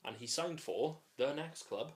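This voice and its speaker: A man's voice: on the high side, animated, a little slow. A British man co-hosting a casual football podcast, chatty and jokey, steering the talk from club to club. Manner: chatty, jokey, leads the segments. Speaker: podcast co-host.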